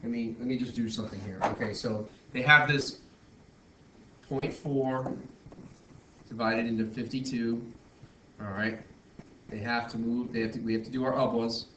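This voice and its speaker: A man's voice: mid-range voice, fairly even intonation, normal speed, pauses often. A male math teacher talking through a screen-recorded lesson, working step by step with frequent restarts and self-corrections. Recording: roomy echo, faint background noise.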